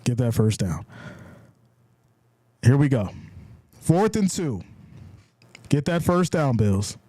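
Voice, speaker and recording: A man's voice: medium pitch, big pitch swings, takes it slowly, no room sound. A man hosting a live reaction stream of a football game, calling plays, reading chat messages aloud and cheering with casual slang. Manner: hyped, shouting and cheering on big plays; reads viewer chat aloud.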